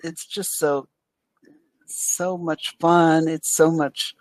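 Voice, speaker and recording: An older woman co-hosting a casual talk show, reacting with enthusiasm and exclaiming how exciting it all is. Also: low-pitched, drawn-out words, dry recording, rough recording. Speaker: radio show co-host. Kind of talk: casual paranormal investigation chat.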